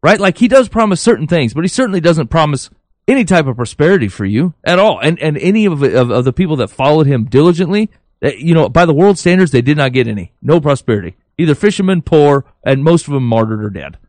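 A man's voice: fairly high pitch, very animated, fast talker, darkish tone, no echo. A man co-hosting a podcast, giving his views earnestly, thinking aloud with many fillers and restarts. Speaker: podcast co-host. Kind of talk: casual opinion chat.

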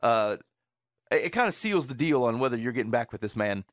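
Lively rambling man giving advice. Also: medium pitch, fairly quick, dry recording, studio quality. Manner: rambling, restarts often, playful. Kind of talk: casual advice chat.

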